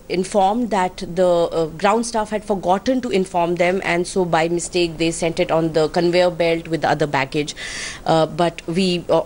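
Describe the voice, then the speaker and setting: A woman with an Indian accent tells her account in an earnest, indignant tone, politely addressing her interviewer. Her voice sits a little low, and a faint hum of background noise runs under it. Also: a little mellow. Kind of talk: recounting an incident on air.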